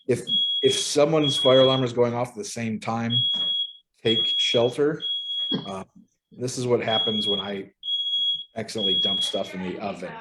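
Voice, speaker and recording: A man leading a casual book study group from home over a video call, relaxed and conversational with frequent ums. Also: lowish voice, heavy background noise.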